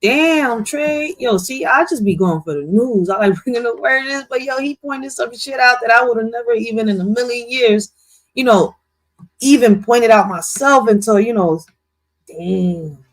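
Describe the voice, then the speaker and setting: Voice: medium pitch, moderate pace, rough recording. A host reacts to a news clip in loose, slangy commentary. The delivery rambles, stalls on filler words and often restarts mid-sentence, with a casual, home-desk feel.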